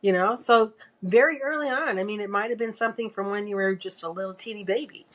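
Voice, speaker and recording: A woman's voice: mid-range voice, quick pace, a bit bright. A woman in casual conversation, explaining ideas at length in an easygoing way. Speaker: podcast co-host. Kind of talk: casual chat.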